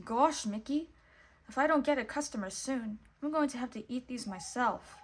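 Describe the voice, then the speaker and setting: A woman's voice: a little high, normal speed, close to an everyday voice. A woman voicing a goofy, hungry young male snow cone seller, calling out his wares. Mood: wistful. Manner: drawling, hawker calls.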